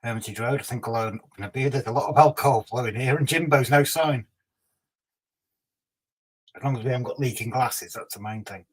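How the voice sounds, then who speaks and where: A man's voice: mid-range voice, a little fast, pauses often, husky, low-quality recording. A man hosting a casual livestream, reading out viewer comments and teasing them in a chatty way. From Scotland. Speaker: livestream host.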